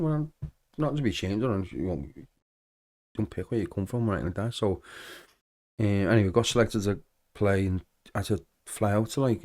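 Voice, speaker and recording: A man, a former footballer, telling lively anecdotes in a casual podcast interview, acting out the dialogue. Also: lowish voice. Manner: animated anecdotes with acted-out dialogue.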